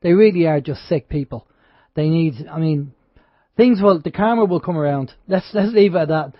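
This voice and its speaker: A man's voice: fairly high pitch, normal speed, no echo. A man hosting a talk radio show, earnest and opinionated in casual chat. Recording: dull dry radio sound.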